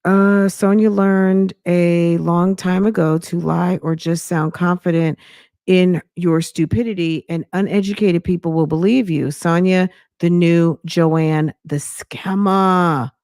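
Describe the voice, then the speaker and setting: A woman's voice: lowish voice, steady tone, takes it slowly, darkish tone, no echo, clean studio sound. Sassy woman commenting on a clip. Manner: chatty, sassy, addresses viewers as sis. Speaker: reaction commentary host. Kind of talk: casual reaction commentary.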